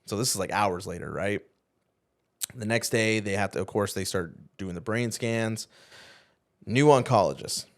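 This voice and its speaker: A man who is a youth pastor, telling a personal story on a podcast in an animated way, acting out what others said and saying "like" often. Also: fairly low pitch, moderate pace, pauses often. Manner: animated, acts out quoted dialogue, heavy use of "like". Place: podcast studio.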